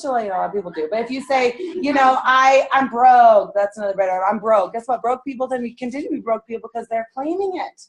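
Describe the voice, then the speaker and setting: A woman in her thirties leads a motivational sales meeting with a fairly high voice. She talks in a lively, animated way and laughs often. She acts out the words people say to themselves. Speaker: sales team leader.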